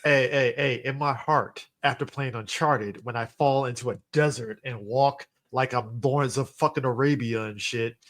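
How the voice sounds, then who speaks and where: A man's voice: medium pitch, fairly even intonation, normal speed, few pauses, fairly bright tone. A man co-hosting a podcast in casual chat, joking and telling profane stories. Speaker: podcast co-host.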